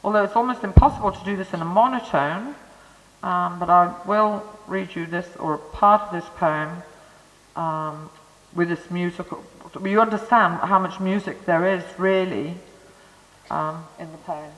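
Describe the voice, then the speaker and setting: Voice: medium pitch, moderate pace, a bit bright. A lecturer giving a conversational talk on Montessori education, with thoughtful, chatty asides to the audience through a microphone. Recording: long hall reverb.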